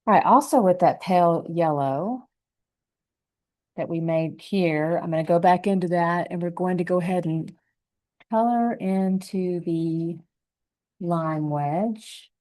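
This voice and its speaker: Woman painting instructor; warm, low-pitched, relaxed, narrates her brushwork as she goes. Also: low-quality recording. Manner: gentle, unhurried, thinking aloud while painting. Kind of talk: step-by-step painting lesson.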